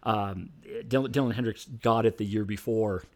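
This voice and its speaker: A man's voice: lowish voice, normal speed. A middle-aged man, a debate coach, telling stories in an interview and acting out the voices of people in them. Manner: animated storyteller, acts out voices. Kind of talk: storytelling interview.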